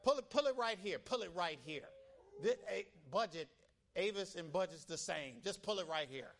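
A brash, bossy woman who works at a rental car lot, loud and high-pitched, as a male preacher puts her on. She barks directions at drivers. Her voice rides well above his own. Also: lively intonation, moderate pace. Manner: brash, bossy, then sugary.

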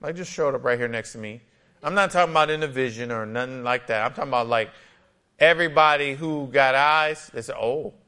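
Bright-voiced, animated male preacher. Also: medium pitch, fairly quick, smooth. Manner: lively and conversational, acting out quotes. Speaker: pastor. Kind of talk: sermon.

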